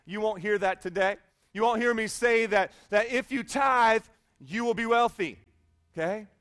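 Pastor preaching, man with a high voice, emphatic and conversational. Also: normal speed, a bit bright, clean tone. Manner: emphatic, conversational, repeats phrases. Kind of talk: sermon.

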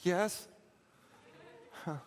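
A man preaching a sermon, telling a story with animated, acted-out quotes and humor. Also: very slow. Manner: animated, acts out quotes, plays for laughs. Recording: reverberant hall.

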